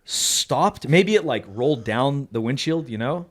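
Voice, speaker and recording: A man's voice: medium pitch, unhurried. Guy on a podcast telling a wild story, swears a lot, voice jumps all over. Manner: animated, profane, laughs through the story. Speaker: podcast co-host. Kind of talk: casual storytelling.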